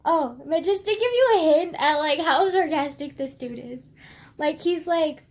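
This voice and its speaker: A young woman talks through a book review in a high-pitched voice. Her casual, rambling chat is packed with "like" and frequent swearing. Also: a little slow. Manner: rambling, heavy filler "like", swears often.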